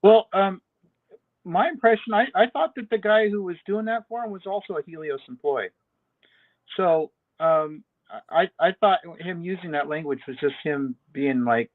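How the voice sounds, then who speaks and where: A man talking through a TV episode with his co-host over a thin, phone-like line. The sound is dry and close, and he is relaxed, repeating words as he restarts sentences and breaking into laughs. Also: high-pitched, normal speed, no echo. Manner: laid-back, stammering restarts, laughs often. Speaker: podcast co-host. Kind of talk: casual TV review chat. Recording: dry tinny call audio.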